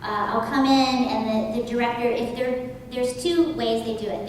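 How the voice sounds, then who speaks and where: A woman's voice: on the high side, far from the mic, a little hiss or hum. A woman, a voice actor on a convention panel, explaining her work in a chatty way. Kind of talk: casual panel talk. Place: large convention hall. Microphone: far from the camera mic. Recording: echoey hall recorded from the audience.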